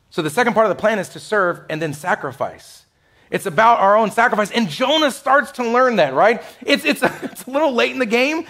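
High-voiced male pastor preaching. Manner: dramatic swings from loud to hushed, acting out quoted voices; conversational, many "like" asides and laughs. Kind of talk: sermon. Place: church sanctuary.

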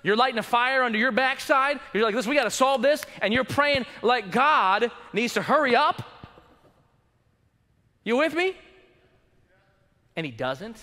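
A male pastor preaching a sermon, swinging between urgent loud passages and hushed, drawn-out emphasis. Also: very high voice, expressive, in a large hall. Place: church sanctuary.

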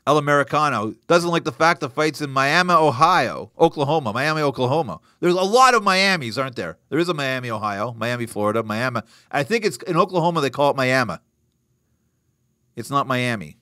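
A man's voice: on the high side, a little fast, dry recording, clean studio sound. A man hosting a live boxing news show, chatting casually, joking and answering viewer comments. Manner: animated, joking, reacting to live chat. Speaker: host.

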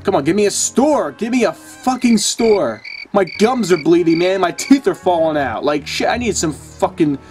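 Young male let's-player, profane and exasperated, slightly high voice, faint music under him. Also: expressive, normal speed, few pauses, a little mellow. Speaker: let's play gamer. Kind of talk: casual gameplay commentary.

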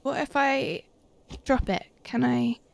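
A woman streaming a game live, chatting casually and squealing with excited giggles. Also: fairly high pitch, slow, gravelly. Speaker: Twitch streamer.

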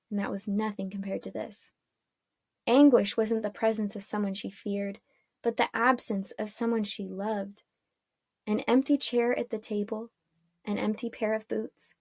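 A teacher reading a children's chapter book aloud in a calm, clear storytelling manner. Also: female voice, fairly high pitch, no room sound, studio quality.

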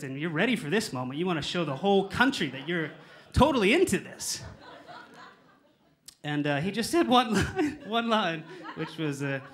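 A man's voice: a little high, fairly bright tone. Sardonic American man doing stand-up. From United States. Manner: sardonic, profane, rambling with many fillers. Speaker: stand-up comedian. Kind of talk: stand-up comedy set. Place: comedy club stage.

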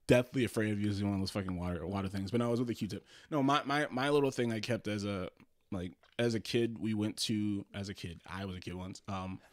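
A man's voice: fairly low pitch, fast talker, dry recording, clean studio sound. A man co-hosting a podcast, telling rambling, profane stories in casual chat, full of restarts and laughs. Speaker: podcast co-host.

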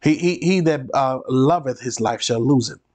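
A man's voice: mid-range voice, moderate pace, a little mellow. A male pastor teaching a Bible study, preacherly and repeating phrases for emphasis.

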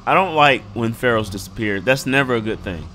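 A man playing a video game at home, commenting excitedly and shouting at the characters. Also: mid-range voice, brisk, a little hiss or hum. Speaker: gaming YouTuber. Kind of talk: let's play commentary. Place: home room.

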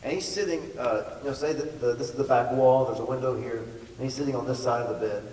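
A man's voice: medium pitch, fairly even intonation, quick pace, darkish tone. Emphatic man preaching in a hall. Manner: emphatic, repeats words for stress. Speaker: pastor. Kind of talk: storytelling sermon. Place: large church hall. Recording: echoey hall from far off, faint noise.

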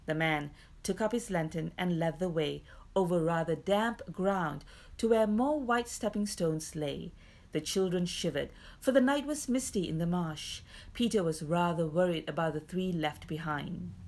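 A woman storyteller reading a children's book aloud in an expressive, lively way. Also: fairly low pitch, moderate pace.

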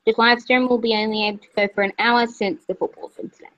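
A woman's voice: a little high, steady tone, fast, a bit bright. A woman, hosting a casual gaming livestream from her kitchen, chatty and laughing often. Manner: chatty, laughing, frequent "jeez". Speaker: streamer, host. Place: kitchen at home. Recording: dull lo-fi sound.

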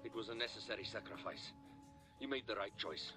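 An actor playing a stern alien base commander with a South African accent who gives clipped military orders in a game. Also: male voice, fairly low pitch, animated, fairly quick, sharp tone. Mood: commanding. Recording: game audio with music behind.

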